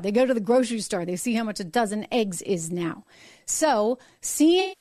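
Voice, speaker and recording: A woman hosting a live-streamed political show, talking emphatically and indignantly, repeating her points and jumping higher in pitch when worked up. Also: a little mellow, no room sound. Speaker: political talk show host.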